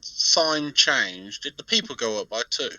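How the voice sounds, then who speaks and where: A man's voice: mid-range voice, very animated, measured pace, sharp tone, no room sound, low-quality recording. A man asking questions casually as a player in a tabletop game.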